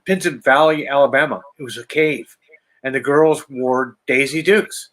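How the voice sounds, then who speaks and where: A man's voice: medium pitch, fairly even intonation, moderate pace, a bit bright. A man hosting a podcast in casual chat, rambling easily and trailing off. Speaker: podcast host.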